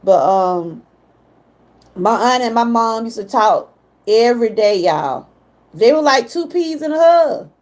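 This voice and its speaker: Southern lady chatting on her livestream, kinda high voice, talks right to y'all, gets a bit emotional about her mom. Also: expressive, unhurried, a little mellow. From Georgia, US. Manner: chatty, talks to viewers directly; emotional when talking about her mother. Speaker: livestream host. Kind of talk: casual livestream chat.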